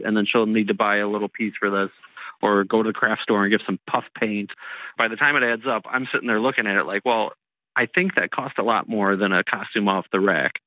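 A man in his thirties from Illinois chats with a radio host over a thin, phone-like line. His voice sits fairly low and the sound is dry. He rambles easily and chuckles often. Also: no room sound. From Illinois, USA. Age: 30s. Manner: laid-back, chuckling, rambling. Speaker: caller on a radio show. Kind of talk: casual phone interview. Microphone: telephone.

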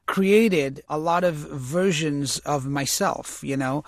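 A man's voice: on the high side, takes it slowly, no room sound. Thoughtful man in an interview, dry sound. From United States, immigrant family. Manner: thoughtful, self-correcting, animated when recounting stories. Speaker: interview guest, actor and author. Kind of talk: reflective interview conversation.

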